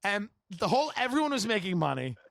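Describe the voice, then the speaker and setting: Man, comic storyteller, bright high voice, dry close mic, rambling and laughing. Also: sing-song, vocal fry, no room sound. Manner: rapid, rambling anecdotes with laughter and impressions. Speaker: podcast host. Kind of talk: comedic storytelling.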